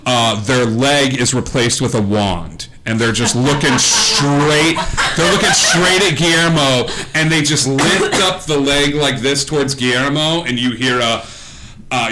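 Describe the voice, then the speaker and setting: Running a live-streamed tabletop game as game master, a man with a medium-pitched voice and measured pace improvises his narration, rambling, full of "uh" and "like," and laughing between lines. Background noise is audible over his streaming mic.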